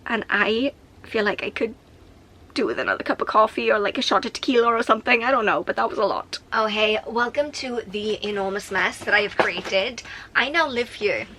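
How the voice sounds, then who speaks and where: A woman's voice: mid-range voice, brisk, sharp tone, a little hiss or hum, poor audio. A young adult woman talking candidly to camera in her attic, rambling and emotional, with frequent restarts. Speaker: vlogger. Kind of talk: casual talk to camera. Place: home attic.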